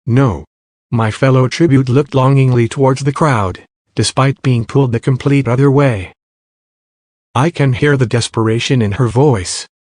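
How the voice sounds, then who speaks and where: A man narrating fan fiction aloud in a steady first-person storytelling voice. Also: medium pitch, moderate pace, no room sound, clean studio sound.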